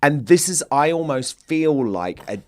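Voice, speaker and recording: A man's voice: on the high side, expressive, measured pace, darkish tone, no room sound. A man hosting an interview show, speaking emphatically and opinionatedly into a close mic, often seeking agreement. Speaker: show host.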